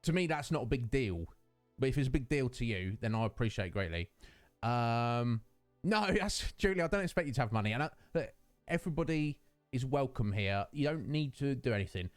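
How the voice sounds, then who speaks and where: A man's voice: mid-range voice, animated, a little fast, dry recording, faint music behind. A man streaming a game live, chatting affectionately with his viewers and rambling through thoughts with many restarts. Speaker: Twitch streamer.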